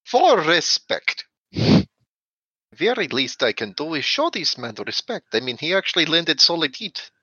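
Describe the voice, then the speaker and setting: A man's voice: a little high, very animated, a little slow, bright, forceful tone, breathy edge, no room sound, heavily acted. A man voicing a blunt, proud female street fighter in his own plain voice, talking in a matter-of-fact, boastful way. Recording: dull lo-fi dry sound.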